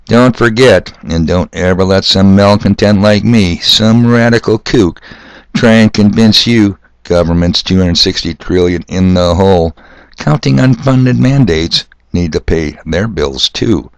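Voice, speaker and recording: A man's voice: sits low, a little slow, no room sound. An older man hosting a solo podcast, talking in a sardonic, ranting way. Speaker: podcast host. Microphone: corded mic.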